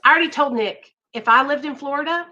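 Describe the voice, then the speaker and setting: High bright-voiced pleading woman. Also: fast talker, muffled recording. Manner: blunt and caring, pleading. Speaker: host. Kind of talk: casual chat.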